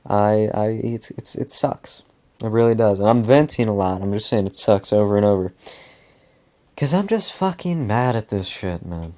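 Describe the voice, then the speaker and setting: A man's voice: lowish voice, expressive, moderate pace, warm tone. A young man venting in a casual monologue, rambling, repeating himself and swearing a lot. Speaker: vlogger.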